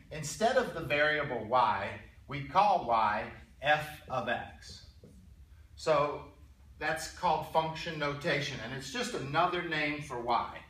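A man teaching a college algebra class, pausing, restarting and often clearing his throat as he asks the students questions. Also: a little high, expressive, a bit bright. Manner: halting, repeats words, clears throat often. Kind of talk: classroom lecture. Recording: echoey classroom from far off.

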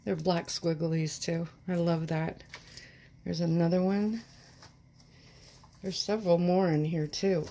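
A woman's voice: lowish voice, fairly even intonation, takes it slowly, long pauses, dark tone, slight background noise. A woman hosting a casual unboxing vlog, gushing and stammering, choked up and close to tears. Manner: gushing, stammering, breaks off mid-sentence. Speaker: channel host.

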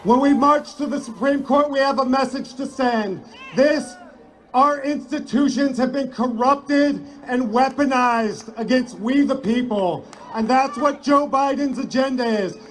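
A man shouts a rousing rally speech outdoors, stacking repeated exhortations. His voice sits very high and he paces it slowly. A clear crowd and noise surround the recording. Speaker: rally speaker. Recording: loud crowd and noise, distant from mic.

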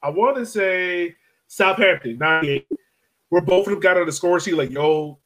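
High-voiced animated man chatting football. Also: moderate pace, low-quality recording. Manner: animated storyteller, slangy, acts out quotes. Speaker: podcast co-host. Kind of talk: casual chat.

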